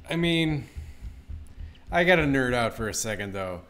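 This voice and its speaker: A man's voice: medium pitch, lively intonation, normal speed, fairly bright tone. A man co-hosting a podcast, chiming in on an episode recap with wry comments. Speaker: podcast co-host.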